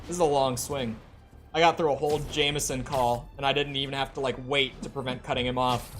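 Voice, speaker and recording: A man's voice: medium pitch, steady tone, a little fast, fairly bright tone. A man streaming a video game, chatting casually and swearing now and then. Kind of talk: casual gameplay commentary. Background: game music.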